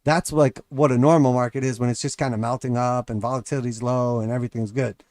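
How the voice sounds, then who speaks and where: A man's voice: mid-range voice, fairly even intonation, fast, a little mellow, no room sound. A man giving casual, blunt live market commentary as host, sarcastic, often acting out mocking voices.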